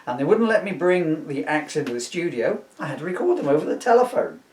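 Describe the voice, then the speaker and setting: A man's voice: on the high side, very animated, quick pace, darkish tone, far from the mic, voice pushed up. A man putting on a posh pompous record producer. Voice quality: posh, plummy delivery. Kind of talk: comic reading of a parody book. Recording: roomy sound from away from the mic.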